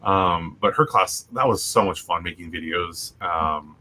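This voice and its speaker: A young man on a student radio show, talking in loose, jokey rambles that keep doubling back to fix what he just said. His voice sits fairly low but has a bright, forward tone. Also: unhurried, a little hiss or hum. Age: young adult. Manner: rambling, self-correcting, jokey. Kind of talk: casual chat.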